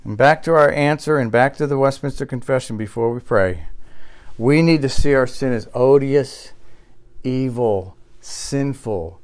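A man preaching a sermon in earnest, building to loud, high passages and then dropping low and quiet, often restarting his phrases. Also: clear, resonant tone. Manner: repeats himself and restarts phrases. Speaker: pastor.

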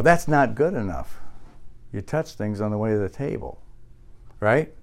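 A man preaching a sermon in earnest, building to loud, high passages and then dropping low and quiet, often restarting his phrases. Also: moderate pace, gravelly. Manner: repeats himself and restarts phrases. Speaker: pastor.

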